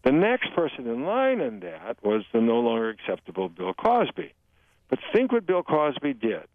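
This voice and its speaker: An older man with a gravelly voice, talking as a guest author in a radio interview. He tells jokes with lively ups and downs and slips in and out of character voices. The sound is dry and narrow, like a radio phone line. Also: mid-range voice, moderate pace, no echo. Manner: animated storyteller, jumps into joke voices.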